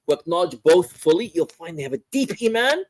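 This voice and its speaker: Man, high voice, dry close sound; religion teacher working through a text, repeats himself as he thinks. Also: sing-song, fairly quick, no room sound, low-quality recording. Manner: repeats and restarts words while thinking aloud, varies emphasis. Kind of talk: explaining a theology text in a class.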